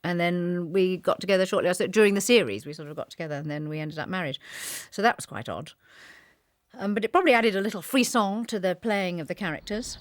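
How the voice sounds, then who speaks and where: Quick-talking woman, dry sound. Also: on the low side, no room sound. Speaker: actress being interviewed. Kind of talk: interview.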